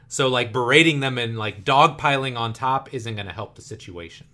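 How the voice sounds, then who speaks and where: A man in his thirties hosting a podcast, telling stories in an animated way and acting out the voices he quotes. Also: mid-range voice, a little fast, few pauses. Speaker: podcast host and youth coach. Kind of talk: casual podcast conversation.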